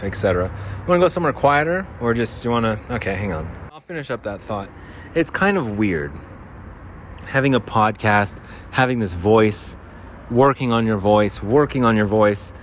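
A man with a nasal voice rambles through a casual podcast monologue. He jokes at his own expense and wanders from thought to thought. Faint traffic hums behind him outdoors. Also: fairly low pitch. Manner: rambling, self-deprecating, jokey. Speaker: podcast host. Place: outdoors by a freeway. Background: traffic and motorcycles.

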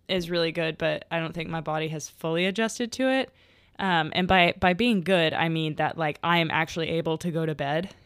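Young woman, podcast host, casual rambling chat, lots of fillers, laughs often, smooth clear voice, dry close sound. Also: low-pitched, a bit bright, no room sound. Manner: rambling storytelling with many fillers and frequent laughs.

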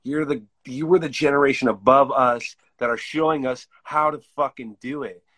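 A man's voice: mid-range voice, steady tone, moderate pace, fairly bright tone. A laid-back man hosting a casual chat who swears freely as he talks.

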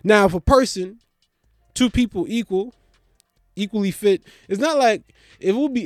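A man ranting in a profane stand-up comedy style, animated, swinging between mocking voices and loud outbursts. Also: fairly high pitch, no echo, studio quality.

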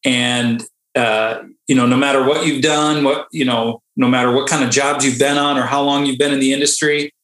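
A man who is a Navy diver, a podcast guest telling a story in a casual, animated way and often laughing. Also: mid-range voice, moderate pace. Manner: animated, laughing, acts out quotes. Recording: echoey room.

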